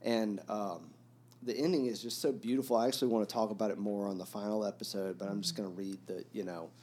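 A man hosting a podcast about a novel, talking reflectively and haltingly, with many fillers and restarts. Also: lowish voice, fairly even intonation, a little mellow, a little hiss or hum. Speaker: podcast host discussing a novel. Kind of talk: reflective casual talk.

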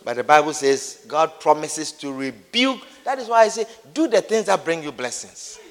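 A man's voice: fairly high pitch, big pitch swings, normal speed. A male preacher giving a sermon who acts out everyday scenes and repeats key phrases for emphasis. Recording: long hall reverb.

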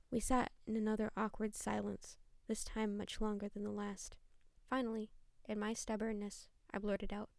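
A woman's voice: medium pitch, flat delivery, normal speed, vocal fry, a little mellow, no echo. A woman narrating a first-person horror story in a blunt, matter-of-fact way.

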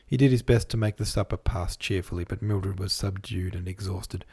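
A man reading a classic novel aloud as a podcast host, in measured literary narration. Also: deep voice, creaky, a little mellow, slightly rough. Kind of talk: scripted narration.

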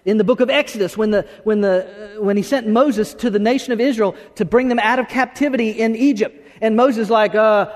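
A man preaching a sermon as pastor, talking in an animated, conversational way with many restarts. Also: high-pitched, brisk, few pauses. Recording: long hall reverb.

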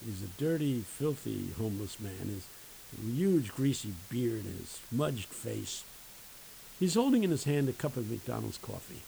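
Gravelly man telling a sermon story. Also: mid-range voice, sing-song, dark tone, slight background noise, low-quality recording. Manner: emphatic, dramatic pauses, folksy storyteller. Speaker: preacher and university teacher.

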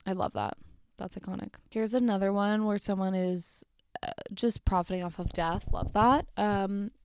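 Woman vlogger, mid-pitched, dry close sound; reads and reacts, blunt and sweary. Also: steady tone, normal speed, smooth, no room sound. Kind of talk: casual reaction commentary reading messages aloud.

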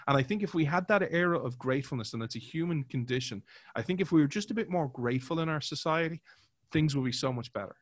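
Male podcast co-host, animated casual talker, mid pitch, dry booth. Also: quick pace, no echo. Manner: animated, acts out quoted voices, many fillers. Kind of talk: casual conversational commentary.

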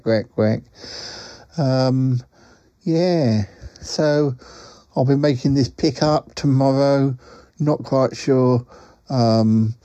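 A man's voice: medium pitch, dark tone, no room sound, lightly acted. A man voicing a talking duck who rambles through a comic voice message, with plenty of ums and quacks. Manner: rambling, full of ums, quacks between phrases.

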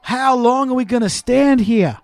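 A man's voice: very high voice, no room sound, pitched above the performer's own voice. A man voicing a bratty young boy with a put-on Australian accent, whining and drawn out in an anecdote. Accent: fake Australian. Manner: whiny, drawn-out, shouting complaints. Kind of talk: acted quote in a comedic anecdote.

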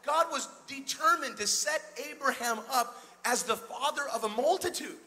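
A male pastor preaching an energetic sermon in a church, calling out to the congregation and retelling scripture in a casual, conversational way. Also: very high voice, normal speed. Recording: long hall reverb.

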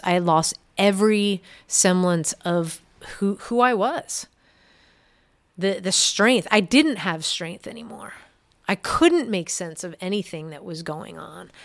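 A middle-aged woman, a podcast guest, giving an earnest, halting personal testimony in a quiet, reflective way. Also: lowish voice.

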